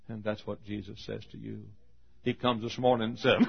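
A man preaching a sermon, telling stories and laughing often between phrases, moving from hushed storytelling to shouted appeals. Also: a little slow, vocal fry, pauses often, breathy edge. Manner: swings from hushed storytelling to shouted high-pitched exhortation. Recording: dull lo-fi sermon recording.

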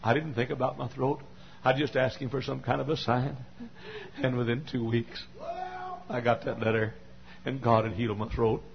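Folksy older preacher, dull tape. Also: male voice, medium pitch, level tone, moderate pace, vocal fry, long pauses. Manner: folksy and repetitive, builds to shouting climaxes. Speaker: pastor. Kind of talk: sermon with personal testimony.

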